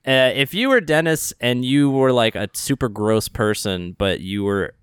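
A man's voice: mid-range voice, moderate pace, smooth, no room sound, studio quality. A man co-hosting a podcast, chatting casually about a show, rambling and hedging as he rephrases his thoughts. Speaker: podcast co-host. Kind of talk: casual chat discussing a show.

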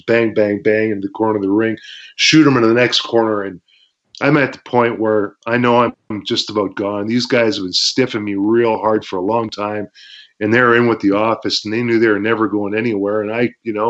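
Lively man telling wrestling stories. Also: lowish voice. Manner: animated storytelling, acts out shouts and crowd noises, laughs often. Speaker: guest, former pro wrestler. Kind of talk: storytelling interview. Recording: dull lo-fi sound.

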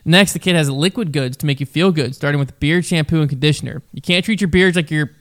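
Fast-talking podcast host man. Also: on the high side, fairly bright tone. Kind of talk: casual chat with an ad read.

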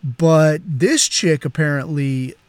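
A male podcast host spins a long, crude yarn with lots of swearing, tangents and chuckles. His voice sits a bit on the higher side for a man. It is recorded dry and close on a podcast mic. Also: slow pace, a little mellow, no room sound. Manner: profane, rambling, chuckling. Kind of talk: crude casual storytelling.

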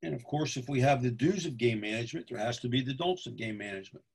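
Gravelly middle-aged man teaching officials. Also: medium pitch, fast talker. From Pennsylvania, USA. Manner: folksy storytelling, repeats points, tags lines with "okay?". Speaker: football official giving a training talk. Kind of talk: instructional talk to officials.

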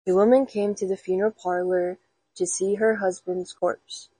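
A woman reading scary stories aloud in a steady, measured storybook manner. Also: medium pitch, slightly rough, no echo, rough recording.

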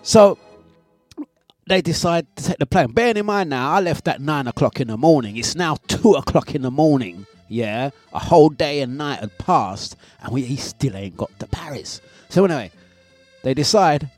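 A man hosting a breakfast radio show, telling a story in an animated, laughing way and acting out the scenes. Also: a little high, normal speed, no room sound, soft background music. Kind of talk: casual storytelling on air.

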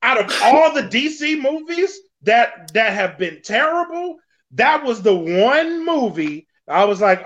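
A man co-hosting a casual podcast, cursing freely and laughing between quick jabs. His pitch moves in lively swings, and the recording sounds dull and lo-fi. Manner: profane, laughs often, chimes in with quick jokes. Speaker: podcast co-host. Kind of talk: casual chat.

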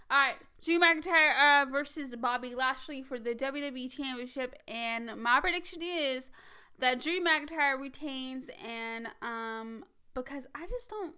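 A young woman hosting a podcast, chatting in a hurried, casual way with lots of fillers as she gives her predictions. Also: high voice, bright, forceful tone, smooth. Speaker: podcast host. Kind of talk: casual wrestling predictions chat.

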